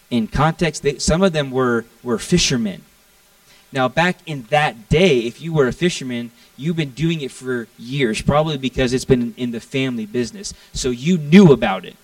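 A young man from Florida preaching a casual, animated sermon and acting out the lines he quotes. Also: medium pitch, no room sound, far from the mic, low-quality recording. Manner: animated, acts out quotes in a raised voice. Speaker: pastor.

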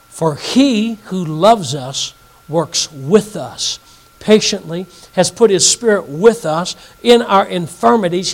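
Guy pastor teaching the bible at night, slow deliberate delivery, reads verses then asks the room questions. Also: sits high, low-quality recording. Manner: animated, reads scripture aloud and questions the audience.

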